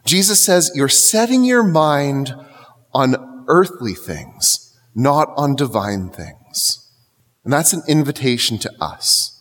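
A young man preaching a sermon as a priest, conversational and wry, acting out the quotes he tells. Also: a little high. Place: church. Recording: reverberant church hall.

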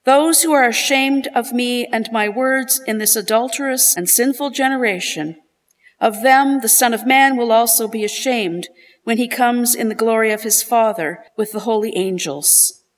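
A woman reading a gospel passage aloud in church, measured and solemn. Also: a little high. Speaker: gospel reader. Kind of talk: liturgical scripture reading. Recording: reverberant church hall.

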